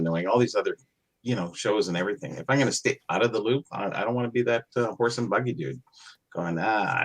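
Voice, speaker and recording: Deep, husky man chatting on a podcast. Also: a bit bright. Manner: rambling, self-deprecating. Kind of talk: casual podcast chat.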